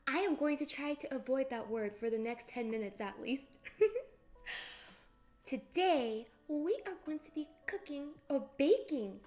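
A woman's voice: high-pitched, lively intonation, a little slow, a little mellow. A young woman streamer chatting casually on a live cooking stream, bubbly and giggly as she greets chatters by name.

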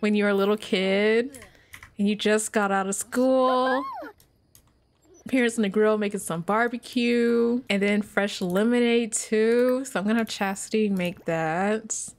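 A woman's voice: medium pitch, steady tone, a little slow. A young adult woman giving casual let's-play commentary, chatting straight to her viewers and laughing often.

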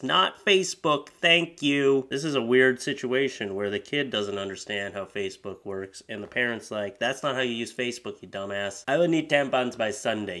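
A man's voice: medium pitch, pushed and bright. A man hosting comedic commentary, reading posts aloud with crude, mocking sarcasm and exaggerated voices. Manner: sarcastic, crude, mocking, laughs at his own jokes. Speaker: commentary host.

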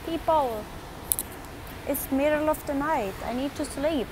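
A woman's voice: sits high, moderate pace, noisy background. A young woman from Sweden vlogging her travel to camera, chatty, playful and emotional. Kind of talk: casual vlog chat to camera. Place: airport and plane, indoors. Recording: loud music under voice.

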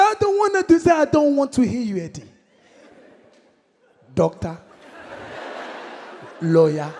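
A young man from Congo doing a stand-up comedy set, energetic, shouting punchlines and acting out his parents. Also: extremely high pitch, vocal fry, husky. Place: comedy concert stage. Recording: live show in a hall with long reverb.

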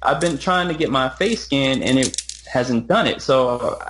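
A man's voice: medium pitch, animated, measured pace, a bit bright, a little hiss or hum. A man co-hosting a casual sports podcast, wry and joking, with some hesitation. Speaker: podcast co-host.

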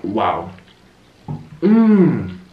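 This young mukbang host speaks very slowly in a fairly low voice with huge pitch swings, chatting and rambling between bites at home. The audio sounds narrow and tinny, with a roomy echo.

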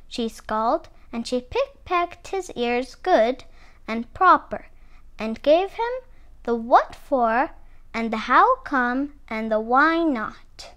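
A woman reading a picture book aloud to children, with expressive, animated storytelling. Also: high-pitched, slow.

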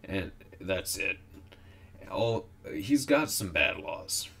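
A man's voice: deep voice, expressive, drawn-out words, fairly bright tone, full character voice. A man voicing a grumbling old female squirrel who rambles in folksy dialect. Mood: firm.

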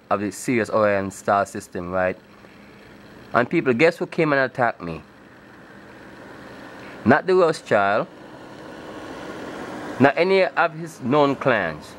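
A man's voice: medium pitch, expressive, unhurried, long pauses, fairly bright tone, slight background noise. A man speaking to his viewers in an emphatic, insistent preaching monologue. He often checks in with "okay?" and at times rises into scripture-like declamation. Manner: breaks into rising, scripture-like declamation. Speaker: video blogger.

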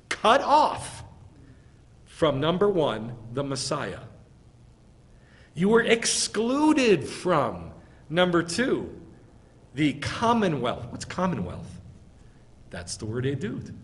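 A male rabbi preaching a sermon with emphatic delivery and rhetorical questions to his congregation. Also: fairly high pitch.

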